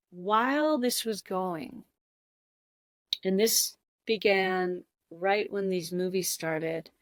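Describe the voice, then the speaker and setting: A woman telling a deeply personal story as a podcast guest. She is tearing up and speaks in a halting, heartfelt way, with pauses and restarts. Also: no room sound.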